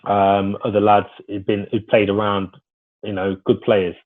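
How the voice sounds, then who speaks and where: A man's voice: lowish voice, monotone, a little slow. A man, a former footballer telling stories in a casual, rambling way with lots of restarts. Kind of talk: casual storytelling interview. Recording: phone-like narrow sound.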